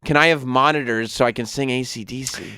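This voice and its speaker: A man's voice: medium pitch, fairly even intonation, bright, forceful tone, clean tone, no room sound. A man hosting a radio talk show, joking and riffing on his guest's story in a casual studio chat. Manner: quick joking reactions, riffs on the guest's story.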